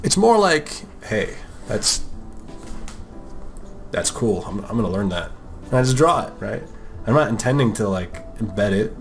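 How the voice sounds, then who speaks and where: A young American man who hosts an art podcast talks casually about art and his name while drawing, rambling, joking, and often imitating other people's voices. His voice is fairly low and a little slow, with frequent pauses and soft music in the background.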